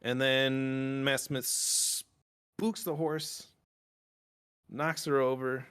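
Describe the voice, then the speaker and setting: A man hosting a casual podcast, recapping a TV episode in a rambling, excitable way and swearing freely. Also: medium pitch, extremely slow, clean tone. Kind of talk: casual chat.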